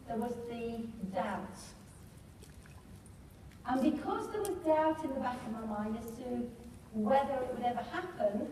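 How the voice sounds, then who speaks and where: A middle-aged woman tells a motivational story to a hall full of people and keeps asking them questions. Her voice sits a little high and sounds mellow. She is heard from far off in a big echoey hall. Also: slight background noise. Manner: lively storyteller who asks the audience questions. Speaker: speaker at a business training event. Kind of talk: motivational storytelling talk to a live audience. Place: large hall with a live audience.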